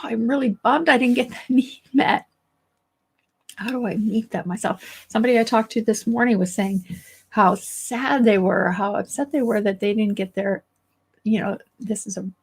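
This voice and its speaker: Hoarse woman losing her voice. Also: fairly high pitch. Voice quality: gravelly, husky. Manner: warm-hearted, reassuring, thinks aloud with restarts. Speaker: therapist and teacher. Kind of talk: casual solo video talk.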